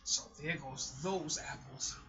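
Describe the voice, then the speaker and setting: A middle-aged woman vlogger speaks slowly in a deep voice, recorded with dull lo-fi sound. Her casual talk is candid and rambling, and she keeps interrupting herself to restart sentences.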